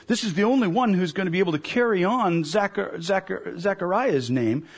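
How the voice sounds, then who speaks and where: Male pastor, tenor range with a breathy edge, preaches with lively storytelling. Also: sits high, fairly quick. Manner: animated storyteller, acts out voices. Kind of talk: sermon.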